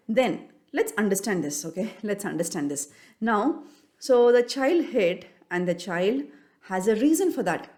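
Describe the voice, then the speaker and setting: A woman speaks to parents as a coach, earnest and full of questions. She often restarts and repeats a phrase as she works through a point. Her voice sits at a middling pitch. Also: a little mellow. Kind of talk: solo talk to parents.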